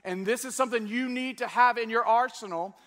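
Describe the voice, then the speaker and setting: A man preaching a teaching sermon to a church congregation, energetic and coaxing them to join in. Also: very high voice, a little fast. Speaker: pastor. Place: church service before a congregation.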